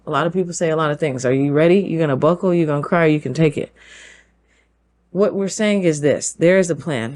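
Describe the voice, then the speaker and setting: A woman hosting her own show, talking through a forceful opinion monologue, firing off rhetorical questions and laughing between points. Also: low-pitched. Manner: emphatic, fires rhetorical questions. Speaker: show host.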